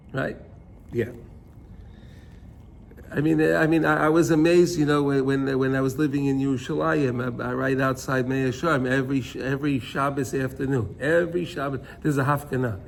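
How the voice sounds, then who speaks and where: A man's voice: mid-range voice, steady tone, normal speed, creaky, a little hiss or hum. A man teaching an informal Torah class, telling stories and often checking in with "right?".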